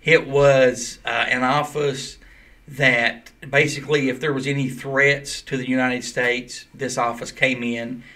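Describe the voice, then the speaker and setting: A man's voice: medium pitch, little pitch movement, unhurried, bright, forceful tone. A man hosting a casual podcast, explaining at length in a loose, chatty way. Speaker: podcast host. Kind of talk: casual chat.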